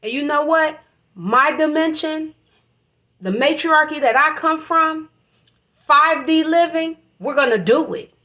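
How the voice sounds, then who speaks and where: Woman ranting spiritual stuff on her vlog, high voice, swears a lot, gets emotional. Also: unhurried, bright, forceful tone. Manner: passionate, preachy, swears freely. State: emotional, voice catching. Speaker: vlogger.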